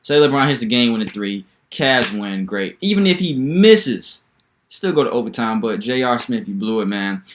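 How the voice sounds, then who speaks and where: A young man hosting a solo basketball commentary video, talking in an animated, incredulous, rambling way with lots of repetition. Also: medium pitch, moderate pace. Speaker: sports video host.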